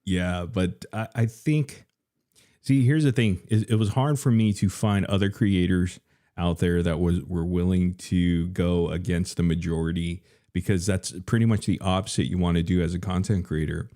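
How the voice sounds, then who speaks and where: Man, very low mellow voice, laid-back interviewer, halting delivery. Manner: relaxed and hesitant, many fillers. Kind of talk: casual live-stream chat.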